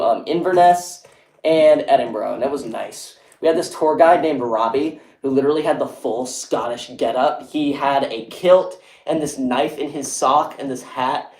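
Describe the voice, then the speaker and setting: A man's voice: mid-range voice, normal speed, darkish tone. A young man chatting casually on a livestream, rambling and reading viewers' messages aloud. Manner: rambling, reads chat aloud, lots of "like". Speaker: streamer. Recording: echoey room.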